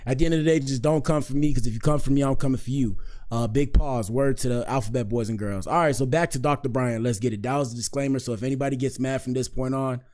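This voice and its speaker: A man's voice: medium pitch, fast talker, darkish tone. A man hosting a casual commentary show, joking around and rambling as he talks straight to his viewers. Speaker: host.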